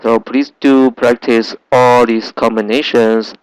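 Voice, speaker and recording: A man's voice: mid-range voice, level tone, slow, smooth, dry recording, low-quality recording. A man teaching a beginner Chinese lesson, patiently drilling sounds and tones with frequent fillers. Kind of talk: language lesson.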